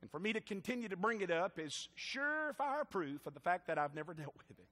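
A man's voice: sits high, very animated, fairly quick, bright, forceful tone, long reverb tail. A middle-aged man with a Southern US accent, a pastor preaching a sermon with rising, stirred-up emphasis and jokes for the congregation. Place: church sanctuary.

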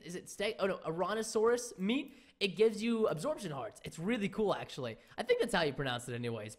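A young man commentating his game for viewers, excitable and jokey, talking straight to his audience. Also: high voice. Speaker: gaming YouTuber. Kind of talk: Let's Play commentary.

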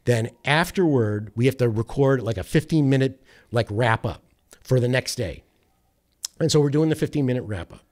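A man's voice: medium pitch, moderate pace. A man with an ordinary mid-range voice spins a long, rambling story from his radio days. He restarts sentences often and acts out the people he quotes. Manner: rambling, animated anecdote with quoted voices and self-corrections. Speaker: sports radio producer, guest. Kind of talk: casual storytelling.

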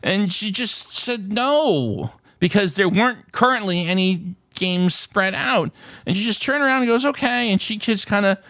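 Animated high-voiced man telling stories. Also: moderate pace, no room sound. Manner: animated, chatty, with fillers and restarts. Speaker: retro game collecting host. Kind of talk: casual storytelling to camera.

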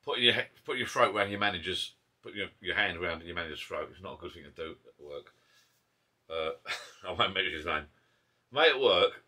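Husky low-voiced Essex man chatting. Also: bright, forceful tone. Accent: Essex English. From Essex, England. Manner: rambling, chatty, self-interrupting. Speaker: vlogger. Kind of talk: casual chat over beers. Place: garden pub shed. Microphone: camera mic.

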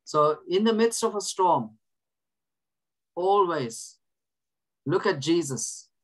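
A man's voice: high voice, expressive, takes it slowly, low-quality recording. Earnest man teaching from scripture. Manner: earnest, restarts words often; asks listeners to repeat verses. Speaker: prayer group leader.

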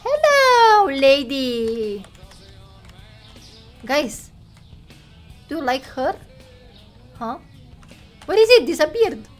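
Young woman streamer who talks slowly in a high voice, shouts at the game and mutters to chat; faint game music underneath. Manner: excitable, talks to chat, exclaims loudly and mutters numbers. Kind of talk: casual gameplay commentary.

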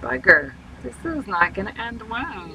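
A woman's voice: medium pitch, sing-song, unhurried, background noise. A woman streaming a game live and chatting to her viewers, self-mocking and full of exclamations. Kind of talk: live gameplay commentary.

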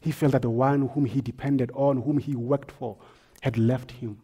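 A married man preaching a sermon as pastor, telling stories and swinging between hushed lines and forceful ones. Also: mid-range voice, steady tone, moderate pace, husky. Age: adult, married.

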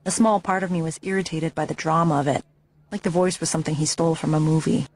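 A woman's voice: low voice, fairly even intonation, fast talker, darkish tone. A woman narrating a memoir audiobook with intense, emotionally charged reading.

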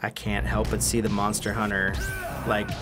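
A man co-hosting a let's play, rambling in casual chat with sudden excited outbursts. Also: fairly low pitch, normal speed. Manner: rambling, lots of fillers and restarts, excitable outbursts. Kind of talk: casual chat while gaming. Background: game music.

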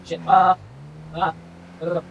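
A man commentating over his gameplay as a taxi driver, swearing constantly and swinging between furious yelling and low muttering. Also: flat delivery, moderate pace, phone-quality sound, background noise. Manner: profane, swings from rage-filled yelling to muttering. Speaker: gamer playing a taxi driver. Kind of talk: let's-play commentary.

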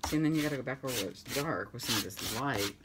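A woman's voice: rumbling low, lively intonation, fast talker. A middle-aged woman chatting casually as she works on a craft project at home, rambling and joking at herself and now and then dropping to a whisper. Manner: chatty, rambling, self-mocking, often whispering asides. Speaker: craft vlogger. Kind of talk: casual chat while painting. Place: home craft room with the window open. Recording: loud background crafting noise. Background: sanding, rubbing and clicking sounds.

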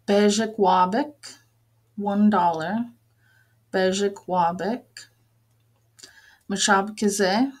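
A woman teaching a vocabulary lesson, patiently repeating each word and explaining it, with frequent pauses and fillers. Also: medium pitch. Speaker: language teacher. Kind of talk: slow, careful vocabulary lesson with repeated words.

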